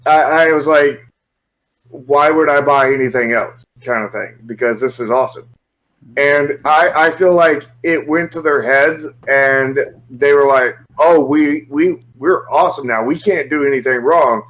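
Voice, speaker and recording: A man's voice: medium pitch, fairly bright tone, rough recording. A man in casual podcast chat, opinionated and explaining his view at length with many "you know"s.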